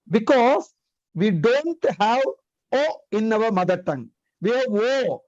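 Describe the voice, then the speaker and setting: A man's voice: high-pitched, animated, measured pace, a little mellow, no room sound, highs cut off. A man with an Indian English accent, a native Tamil speaker, teaching a spoken English lesson, repeating words and asking rhetorical questions.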